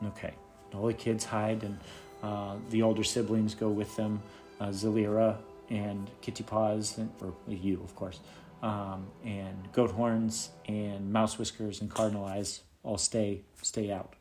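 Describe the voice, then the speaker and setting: A man running a tabletop game as game master, narrating in a relaxed, halting way with many fillers and restarts. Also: on the low side, soft background music.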